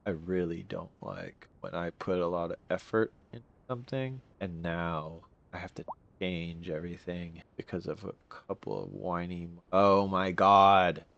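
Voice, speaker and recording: A man's voice: low voice, normal speed, gravelly, muffled recording. A young man giving casual gameplay commentary, rambling and complaining in exasperation as he plays.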